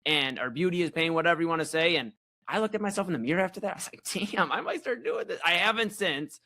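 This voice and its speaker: Bright animated rambling man. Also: fairly high pitch, fast. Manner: rambling, animated, self-mocking. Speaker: co-host. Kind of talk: casual comedy storytelling.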